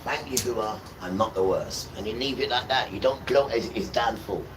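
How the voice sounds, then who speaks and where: A man delivering an impassioned spiritual monologue on a livestream, hammering points through repetition and jumping between loud outbursts and low mutters. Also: normal speed, background noise. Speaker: livestream host.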